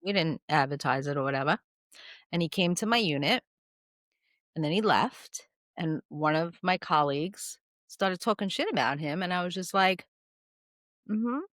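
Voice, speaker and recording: A woman's voice: sits low, normal speed, no room sound, clean studio sound. A woman co-hosting a podcast, telling stories in casual chat and acting out the people she quotes. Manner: animated storyteller, acts out quoted voices. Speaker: podcast co-host.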